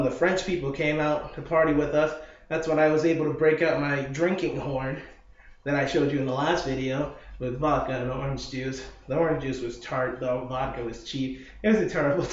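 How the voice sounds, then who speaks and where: A man's voice: medium pitch, fairly even intonation, normal speed. A young man telling a casual video diary, rambling through stories and acting out what people said, from an apartment living room. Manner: rambling storytelling, acting out quotes with laughs. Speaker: vlogger. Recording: echoey, muffled room recording.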